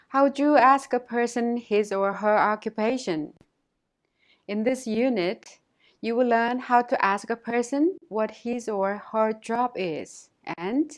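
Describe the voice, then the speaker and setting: A female language teacher with a slightly high voice delivers a scripted lesson, speaking clearly and carefully and saying each word twice so learners can repeat it.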